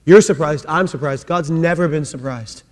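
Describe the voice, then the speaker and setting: High-voiced preacher in an echoing hall. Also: male voice, normal speed. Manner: emphatic, repetitive, swings from loud to hushed. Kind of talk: sermon. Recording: echoey hall.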